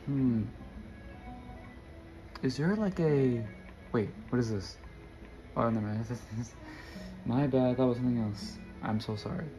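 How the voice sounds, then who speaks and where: A man's voice: mid-range voice, slow, pauses often, mellow, soft background music. A young man giving casual, rambling gameplay commentary and chatting to his viewers. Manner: rambling, self-correcting, addresses viewers. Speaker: gamer.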